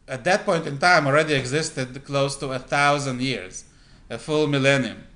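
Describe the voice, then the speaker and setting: A man hosting a political commentary monologue, speaking deliberately with frequent pauses, fillers and throat-clearing. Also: mid-range voice, bright, forceful tone.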